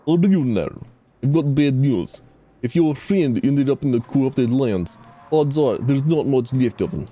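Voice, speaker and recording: A man's voice: mid-range voice, animated, measured pace, warm tone, pitched above the performer's own voice. A man voicing a stern, menacing male camp leader in a put-on Scottish accent, with clipped, threatening lines.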